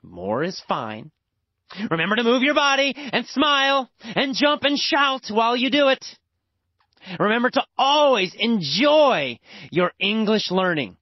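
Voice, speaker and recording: A man teaching English by telling a simple story slowly, with exaggerated, repetitive emphasis. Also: no echo. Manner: exaggerated, repetitive, animated storytelling with big pitch swings. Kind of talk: slow, emphatic storytelling lesson. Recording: dull lo-fi, dry recording.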